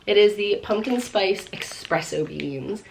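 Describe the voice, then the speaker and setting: A woman's voice: mid-range voice, lively intonation, a little slow, gravelly, background noise. A pregnant young woman chatting at home through a casual haul vlog, gushing with lots of fillers and short of breath. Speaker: vlogger.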